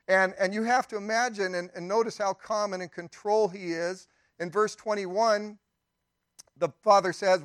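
Man pastor, high voice, dry close sound, conversational sermon, emphatic rises. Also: normal speed, dry recording.

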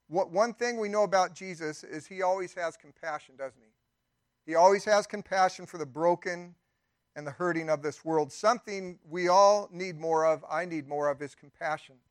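Man pastor, high voice, dry close sound, conversational sermon, emphatic rises. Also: dry recording.

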